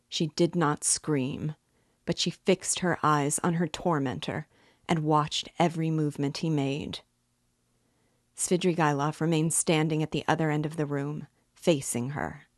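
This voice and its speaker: A woman narrates a classic novel in a low, unhurried voice, each phrase measured and deliberate. The recording is close and dry, with no room sound. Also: no room sound. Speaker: reader and guide. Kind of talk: audiobook-style literary reading.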